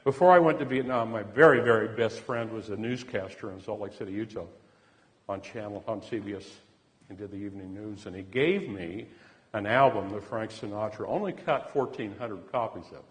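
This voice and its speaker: A man telling a personal story in an earnest manner. He swings from loud bursts to hushed, near-whispered lines. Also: fairly low pitch, moderate pace, big-room sound. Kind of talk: personal anecdote.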